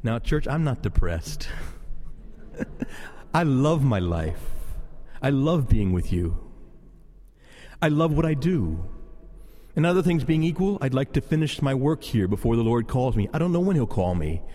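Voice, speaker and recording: A male priest preaches at Mass with a lively, rising and falling delivery. His voice carries a long church reverb, and he drops into slow, hushed tones for prayers. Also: medium pitch. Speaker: Catholic priest. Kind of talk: sermon.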